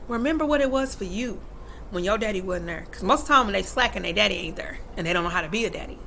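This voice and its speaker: A woman's voice: medium pitch, sharp tone, slight background noise. A woman in her thirties talking candidly to the camera, emphatic and acting out quotes as she tells stories about parenting. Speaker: vlogger and mother. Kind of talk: casual talk to camera.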